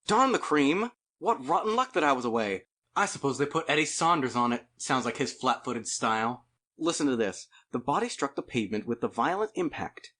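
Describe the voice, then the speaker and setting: A brusque, sardonic newspaper reporter, as a man reading the book plays him. He sounds impatient and wry, in a voice a little higher than the reader's own. It is an audiobook character voice. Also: very animated, moderate pace, pushed and bright. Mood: exasperated.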